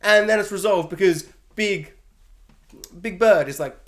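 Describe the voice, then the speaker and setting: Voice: mid-range voice, measured pace, pauses often. A film reviewer talking through a spoiler review in a rambling, chatty way, often breaking into silly voices to act out scenes. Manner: animated, acts out scenes in silly quoted voices; rambling, chatty, many fillers. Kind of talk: casual spoiler review monologue.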